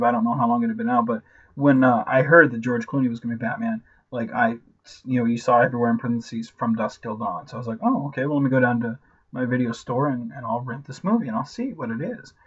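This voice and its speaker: A man in his thirties rants through a casual movie review, swearing freely and filling every pause with "like" and "you know". His voice sits at an ordinary middle pitch. The audio is slightly dull and lo-fi. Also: breathy edge. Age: 30s. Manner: animated, profane, full of "like" and "you know".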